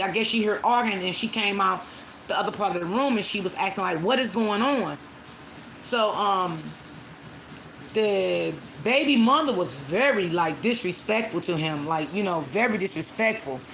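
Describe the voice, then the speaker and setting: A woman hosting a casual live stream, retelling a story to her viewers in a chatty way with many pauses and fillers. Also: mid-range voice, a bit bright, slight background noise.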